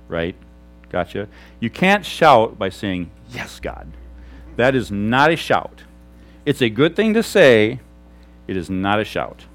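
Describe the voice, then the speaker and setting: A middle-aged man, a pastor, preaching an animated sermon on a lapel mic. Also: fairly low pitch. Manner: animated, shouts examples.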